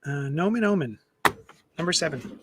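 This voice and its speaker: A man hosting a live comic unboxing stream, chatty and animated, with playful self-mocking asides, talking into a desk microphone. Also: on the high side, normal speed, background noise. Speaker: comic shop host.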